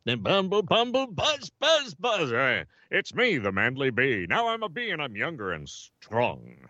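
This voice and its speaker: A man's voice: a little high, wildly swooping pitch, a little slow, pushed and bright, no room sound, voice pushed up, heavily acted. A man voicing an old male bee who has turned young and boasts about it, in a buzzing cartoon voice. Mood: boastful. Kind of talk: cartoon voice acting. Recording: dull, muffled audio.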